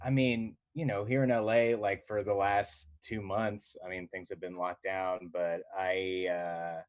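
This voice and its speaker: A man, a comedian, chatting casually over a video call in a halting, hesitant way with frequent restarts. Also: deep voice, little pitch movement, dry recording. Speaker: stand-up comedian.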